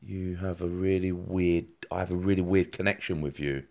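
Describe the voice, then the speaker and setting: A man's voice: low-pitched, fairly even intonation, moderate pace, gravelly, darkish tone. A man giving a rambling live-streamed psychic reading, talking straight to viewers with many fillers and restarts. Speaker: psychic medium.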